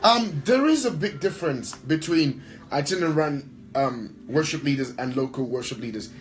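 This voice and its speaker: A man's voice: fairly high pitch, animated, moderate pace, faint music behind, poor audio. A man who is a worship leader and pastor, answering in an interview with emphatic, preacher-like talk and repeating phrases for stress.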